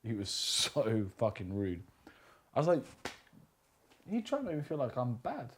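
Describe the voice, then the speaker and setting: A man's voice: mid-range voice, wildly swooping pitch, unhurried, a little hiss or hum. Guy rambling thru a story, cursing here and there, middle voice. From England. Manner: rambling, swears casually, laughs at own stories. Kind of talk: casual storytelling chat.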